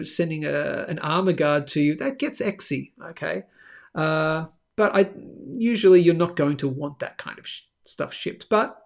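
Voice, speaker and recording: A man hosts a live show in a relaxed, chatty way. He keeps checking in with the audience as he talks. His voice sits a little high and has a gravelly edge. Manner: chatty, animated, lots of "okay?" asides. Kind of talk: casual live-stream talk with sponsor reads.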